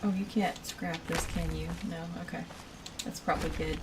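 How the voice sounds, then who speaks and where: A woman's voice: low-pitched, fairly even intonation, normal speed, far from the mic, very noisy. A woman streaming a building game, rambling and giggling as she chats with her viewers. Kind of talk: casual chat while playing a building game.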